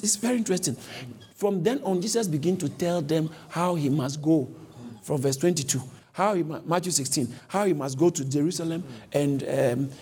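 A man preaching a sermon, animated, acting out quoted speech and often correcting himself mid-sentence. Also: high-pitched. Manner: animated, acts out quotes, frequent self-corrections.

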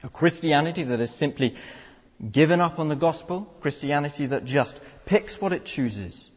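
Young preacher, husky, earnest and rhetorical, recorded in a hall with long reverb. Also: male voice, fairly high pitch, animated, moderate pace. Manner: earnest, rhetorical, with frequent tag questions. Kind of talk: sermon.

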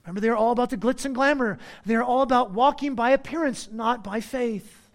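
A man preaching an expository sermon as a pastor, swinging between loud emphatic lines and quiet asides. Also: very high voice, fairly quick.

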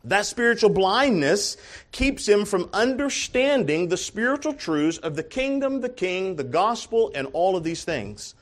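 Male pastor, high voice, emphatic sermon delivery that swings from hushed to shouted. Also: very animated, a little slow. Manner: emphatic, swings from quiet asides to shouted calls.

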